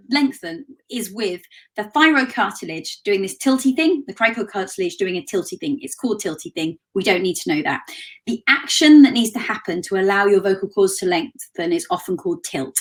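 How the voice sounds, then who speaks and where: A woman teaching an online singing lesson, giving quick, chatty explanations between sung demonstrations. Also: medium pitch, poor audio.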